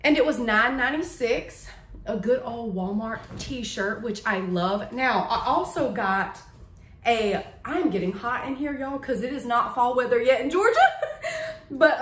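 A woman's voice: on the high side, expressive, a little slow. Gushing woman in an echoey room. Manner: gushing, chatty, says "y'all" a lot. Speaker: vlogger. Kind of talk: casual haul chat to camera. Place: home living room.

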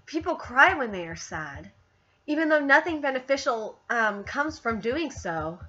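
A woman reading the lines of an aloof, stern male water god in a subdued, slow voice, on dull lo-fi audio. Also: fairly high pitch, big pitch swings, pushed and bright, heavily acted. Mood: solemn.

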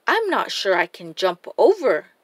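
A woman's voice: mid-range voice, wildly swooping pitch, unhurried, breathy edge, no room sound, heavily acted. A woman voicing a timid young pony who sounds hesitant and nervous in a storybook read-aloud. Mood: worried.

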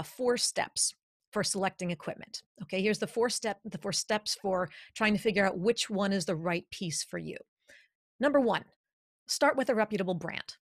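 A woman coaches her listeners in an energetic, emphatic podcast talk, leaning hard on key words to make her point. Her voice sits at an ordinary middle pitch for a woman. It is captured close on a studio podcast microphone in a home studio, with a very dry sound and no room echo.

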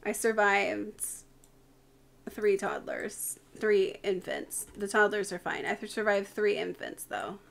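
A woman streamer gives live commentary as she plays a game, and she sounds worn out. She speaks slowly, with a gravelly fry in her voice, and keeps addressing her characters directly in a chatty way. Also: mid-range voice. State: tired.

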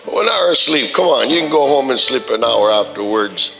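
A man's voice: mid-range voice, animated, normal speed, gravelly, pushed and bright. A man, a pastor joking with the congregation as he introduces a guest preacher. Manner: joking, teasing banter with the congregation. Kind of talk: church service welcome and introduction. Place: church sanctuary. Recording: long church-hall reverb with music.

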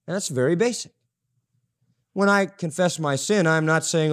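A man's voice: on the high side, moderate pace. A man preaching a sermon, emphatic and repeating key phrases for stress. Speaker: pastor. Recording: audio-only sermon recording.

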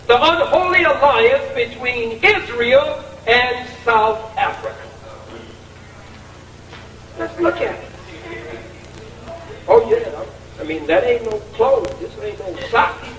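High-voiced man giving a fiery hall speech. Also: sing-song, slow pace, long pauses, fairly bright tone, slight background noise. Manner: combative, taunting, preacher-like cadence. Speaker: speaker at a college event. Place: large college lecture hall. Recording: echoey hall recording from far off.

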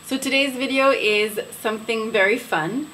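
A woman's voice: a little high, fairly bright tone, a little hiss or hum, rough recording. A young woman from Quebec chatting casually to camera as a beauty vlogger, pronouncing names carefully and elegantly. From Quebec, Canada. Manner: unhurried, careful, elegant pronunciation. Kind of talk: casual vlog talk to camera.

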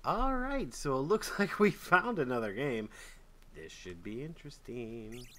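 A man giving casual gameplay commentary, excitable and swearing, jumping between loud yelps and muttered grumbles. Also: medium pitch, measured pace, slight background noise. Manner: swears and trash-talks the game. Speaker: gaming channel host.

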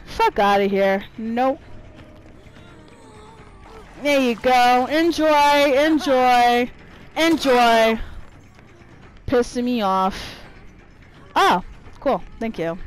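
A woman's voice: a little high, lively intonation, very slow, long pauses, rough recording. A woman giving profane, irritated live commentary while playing a video game, trash-talking her opponents. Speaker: gameplay streamer.

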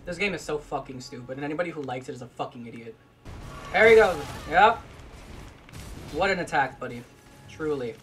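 A gamer giving let's play commentary, swearing often, grumbling low and then breaking into frustrated yells at the game. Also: expressive, a little fast, long pauses. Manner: profane, frustrated, bursts into yells. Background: game music.

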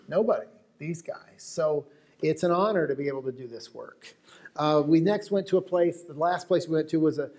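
Speaking at a moderate pace in a fairly high, slightly mellow voice, this American man lectures a live audience about his work as a wildlife photographer. His storytelling is conversational, with asides directed to the crowd.

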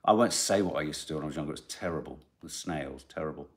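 A middle-aged man hosting a podcast, reading out listener comments and telling rambling, animated stories. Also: rumbling low, quick pace. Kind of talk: casual chat.

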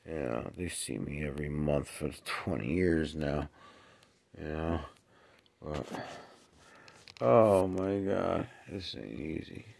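A sick, short-of-breath man at home with his cats, cooing to them in a raised voice and otherwise muttering low in casual chat. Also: slow pace, gravelly, a little mellow. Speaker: cat owner filming his pets.

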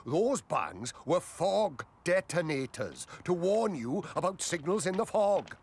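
A man's voice: sits high, big pitch swings, slow pace, breathy edge, full character voice. A man voicing a sensible, exasperated cartoon vehicle who scolds a friend. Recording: over loud music.

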